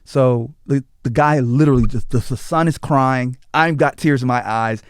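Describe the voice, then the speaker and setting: Medium-pitched and clean-toned, this man talks at a moderate pace in a dry, studio-quality recording. As a former tour manager guesting on a casual interview, he tells stories with animation, acting out quotes and restarting his sentences with a stammer.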